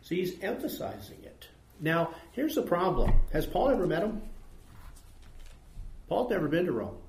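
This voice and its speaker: A man's voice: high voice, very animated, normal speed, a little mellow, echoey room, slight background noise. A man teaching a Bible study class, reading verses aloud and asking his listeners questions.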